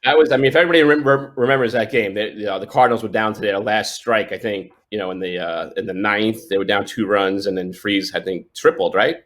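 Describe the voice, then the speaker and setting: A man's voice: fairly low pitch, fast, hardly any pauses, fairly bright tone. A man in his forties, a sports photojournalist, telling stories in a casual interview, rambling with restarts and fillers and laughing often. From New York.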